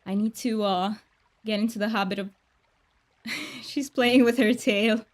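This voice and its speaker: A woman's voice: mid-range voice, steady tone, measured pace. A woman streamer chatting casually with her viewers while gaming, bubbly and laughing often. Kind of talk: casual live-stream chat.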